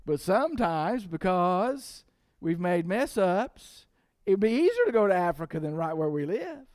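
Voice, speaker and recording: A man's voice: high voice, dry recording, studio quality. A man preaching a sermon as pastor, emphatic and repeating key lines for the congregation to say with him.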